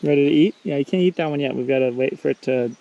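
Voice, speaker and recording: Gravelly man on a farm tour. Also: mid-range voice, quick pace, dull audio. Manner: relaxed, points out plants as he walks. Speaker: farm owner giving a tour. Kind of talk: casual walking tour. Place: outdoor tropical farm. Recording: outdoor noise with insects and crickets.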